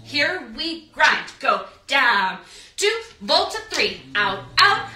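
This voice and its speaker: A woman's voice: a little high, very animated, measured pace, sharp tone, recorded from a distance. A woman teaching a dance class, upbeat, counting beats aloud and chanting the rhythm. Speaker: dance instructor. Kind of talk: live online dance class. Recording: echoey room, voice off-mic, faint noise.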